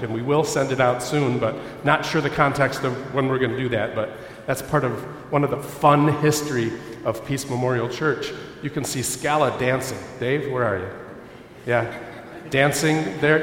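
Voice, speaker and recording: A man's voice: mid-range voice, a bit bright. A man preaching a lighthearted sermon, joking and chatting with his congregation. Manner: jokey, chatty, talks with the audience. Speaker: pastor. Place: church hall. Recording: echoey church hall with long reverb.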